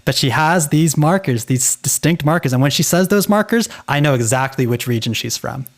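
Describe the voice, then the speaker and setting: An American man co-hosts a linguistics podcast in a casual conversational discussion, sounding enthusiastic and agreeable and often repeating words as he begins a thought. His voice sits on the high side, expressive and a little fast.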